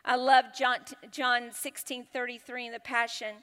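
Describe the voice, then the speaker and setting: A woman's voice: a little high, flat delivery, normal speed, pushed and bright, clear, resonant tone, long reverb tail. A woman preaching a passionate sermon, repeating lines for emphasis.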